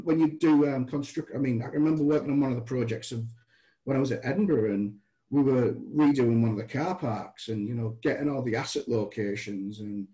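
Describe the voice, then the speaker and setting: A man from England chats as a podcast guest, telling long anecdotes and putting on voices for the people in them. His voice is warm and mellow. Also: mid-range voice, rough recording. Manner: animated storyteller, acts out dialogue. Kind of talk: anecdotal storytelling.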